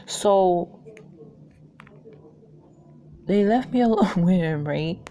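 A woman's voice: on the low side, lively intonation, drawn-out words, dark tone. A woman, hosting a craft channel and telling rambling stories in a casual chat while she works, laughing often. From New York.

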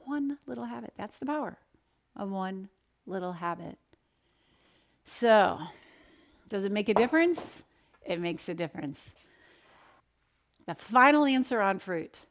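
Lively woman dietitian teaching nutrition. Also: medium pitch, a little slow, pauses often. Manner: animated, asks the audience questions, acts out quoted voices. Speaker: dietitian presenter. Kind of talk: energetic nutrition talk with storytelling.

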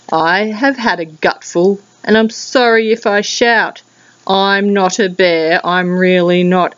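An Australian woman teaching young children, reading a picture book aloud in a lively, sing-song way. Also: lo-fi sound. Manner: lively, sing-song storybook reading with big pitch jumps. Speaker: primary school teacher.

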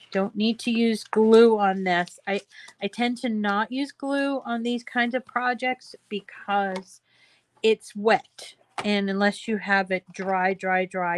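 A woman's voice: mid-range voice, a little hiss or hum. A woman hosting a casual craft tutorial, chatting to her viewers in a rambling way with many fillers. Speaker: craft show host.

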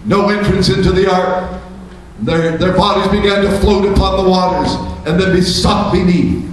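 Male pastor, high voice, fervent preaching, rhetorical questions, booming church echo, mic from far off. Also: fairly even intonation, normal speed, a little hiss or hum. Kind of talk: sermon. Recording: echoey church room, mic from a distance.

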